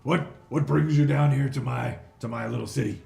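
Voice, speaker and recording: A man voicing a fat, greedy male hobgoblin boss who is loud, boastful and blustering, in a tabletop game. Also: mid-range voice, fairly even intonation, moderate pace, creaky, voice pushed up. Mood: scheming. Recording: echoey room, some noise.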